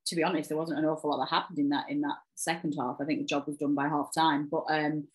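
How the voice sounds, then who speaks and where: A woman hosts a casual football podcast, chatting hesitantly with lots of ums and restarts, and laughs easily. Her low-pitched voice moves fast with little pitch movement, and the recording quality is low.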